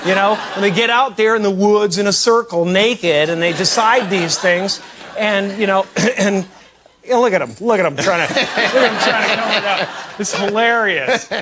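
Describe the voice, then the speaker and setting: A man's voice: high-pitched, moderate pace. A man delivering a mock conspiracy rant in a sarcastic, rambling way, laughing now and then. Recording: noisy clip.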